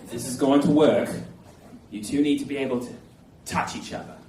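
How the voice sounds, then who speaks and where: A man's voice: high voice, rapid-fire, background noise, pitched above the performer's own voice, close to an everyday voice. A man quoting a blunt, worldly woman from Australia, with only a slight change of voice, in a comic live story. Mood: instructive. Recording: echoey room, voice from a distance.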